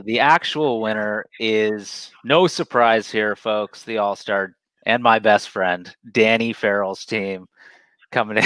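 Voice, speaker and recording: A man's voice: fairly low pitch, a bit bright, no echo. Playful man announcing winners. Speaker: awards co-host. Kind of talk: casual virtual award show. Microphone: video call.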